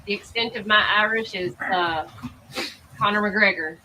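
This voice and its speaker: A woman's voice: mid-range voice, a little slow, pushed and bright, slight background noise, rough recording. A woman hosting a livestream, chatting casually with her viewers as she comments on a trial. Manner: chatty, talks over the played audio. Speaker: livestream host.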